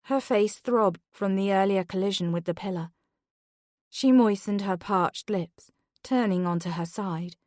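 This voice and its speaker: Narrator: woman, unhurried and tense, medium pitch, dry close-miked read. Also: darkish tone, no echo. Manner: slow, measured, tense. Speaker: audiobook narrator. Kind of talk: scripted thriller narration.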